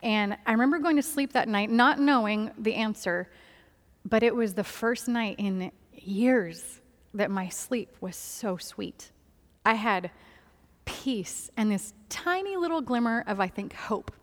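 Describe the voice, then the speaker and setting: A woman telling a personal faith testimony, candid and earnest, laughing softly now and then between many fillers. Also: fairly high pitch, a little slow, long reverb tail. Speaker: speaker sharing a personal testimony.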